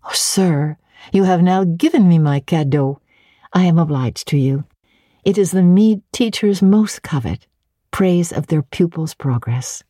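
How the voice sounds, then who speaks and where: A woman reading an audiobook, voicing a reserved young governess who answers in a measured, polite manner. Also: on the low side, dark tone, no echo, clean studio sound. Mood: composed.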